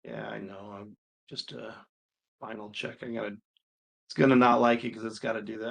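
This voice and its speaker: This accounting instructor has a lowish, level voice with vocal fry and a fairly bright tone, delivered at a moderate pace. He works casually through a homework problem in a screen recording, reasoning out loud and occasionally letting mild exasperation show.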